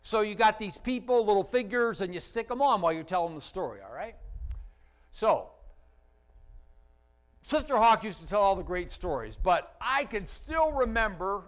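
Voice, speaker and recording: A man preaching a sermon as a pastor, telling stories with lively emphasis, sometimes loud, sometimes dropping quiet and slow, asking the congregation questions. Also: high-pitched, low-quality recording. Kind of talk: sermon storytelling.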